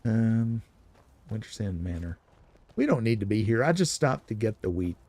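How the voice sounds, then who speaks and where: A man's voice: on the low side, sing-song, moderate pace, a little mellow, no room sound. A man giving casual, rambling commentary while streaming a video game. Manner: chatty, rambling, explanatory. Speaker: gaming streamer.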